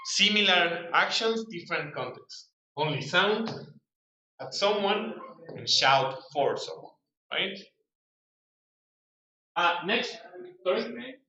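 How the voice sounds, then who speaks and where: A high, bright-voiced man teaches a class slowly, reading words and explaining them. He is heard from far across a very echoey classroom, and the sound is dull and lo-fi. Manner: reads word lists aloud, explains with acted examples. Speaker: English teacher. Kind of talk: classroom vocabulary lesson.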